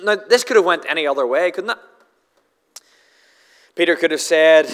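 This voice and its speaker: A man's voice: high-pitched, animated, moderate pace, long pauses, a bit bright. A man with a Northern Irish accent preaching a sermon, often stumbling over repeated words as he starts a sentence and acting out the quoted lines. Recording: long hall reverb.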